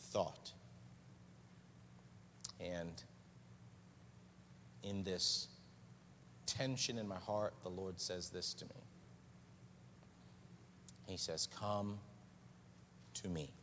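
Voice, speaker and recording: A man preaching a sermon as pastor, earnest and unhurried, pausing and repeating phrases for weight. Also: low voice, fairly even intonation, sharp tone. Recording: distant voice with long hall reverb, faint noise.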